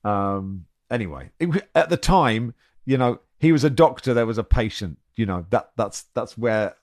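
A man's voice: mid-range voice, animated, normal speed, a little mellow. A man hosting a podcast, chatting casually and giggling as he reads out listener messages. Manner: chatty, giggly, self-deprecating. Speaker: podcast host.

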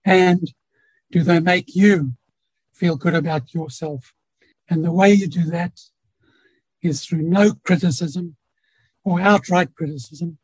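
A man speaking as a guest in an interview, giving earnest, gentle advice about relationships with homely examples. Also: on the high side, slow, long pauses, breathy edge, dry recording, poor audio. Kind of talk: reflective conversational advice.

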